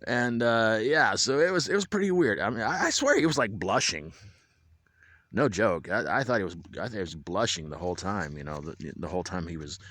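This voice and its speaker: A man's voice: lowish voice, very animated, normal speed, fairly bright tone, no room sound. A man casually recapping a football game for his viewers outdoors in the wind, chatty and full of restarts and wry asides. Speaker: vlogger recapping a high school football game. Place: outdoors at a stadium, windy.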